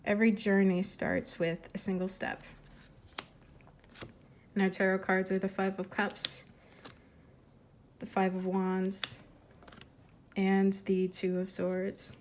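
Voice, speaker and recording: Woman doing a tarot reading, gentle, kinda teary, lots of ums and restarts. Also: mid-range voice, a little hiss or hum. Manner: gentle, heartfelt, with many fillers and restarts. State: tearful, fighting emotion. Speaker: tarot reader. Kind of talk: intuitive tarot reading to camera.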